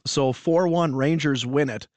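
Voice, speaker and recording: A man co-hosting sports radio with a slightly hoarse voice, chatting casually and rattling off hockey scores. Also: a little high, a little slow, dry recording.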